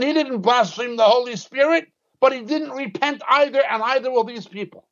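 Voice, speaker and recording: A man with a high voice preaches with emphatic, insistent force. He drives his points home with sudden drops in pitch. The recording sounds dull and lo-fi. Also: expressive, normal speed, a bit bright. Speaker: Bible teacher. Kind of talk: sermon.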